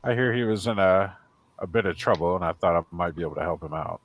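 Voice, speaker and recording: A man's voice: deep voice, fast. A man playing a character in a tabletop game, talking in character to the barkeep. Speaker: player.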